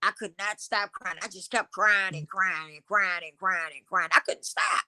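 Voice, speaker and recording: A woman's voice: mid-range voice, normal speed, bright, forceful tone, no room sound. A middle-aged woman, hosting a casual livestream in a loose, preachy way and now and then singing snatches of a song. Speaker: livestream host.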